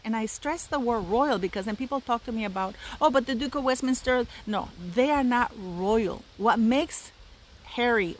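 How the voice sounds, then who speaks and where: A woman in her fifties delivers opinionated solo commentary in a fairly high voice. She presses her points hard and repeats words for stress, sounding indignant. Faint noise hums behind her. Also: poor audio. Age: 50s. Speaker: commentary channel host.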